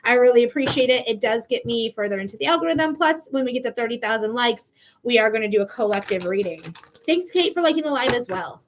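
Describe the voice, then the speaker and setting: A woman with a somewhat high-pitched voice hosts a live-streamed psychic reading. She talks in a casual, emphatic way, swears freely, and addresses her viewers directly. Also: lively intonation, quick pace, slight background noise. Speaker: psychic reader.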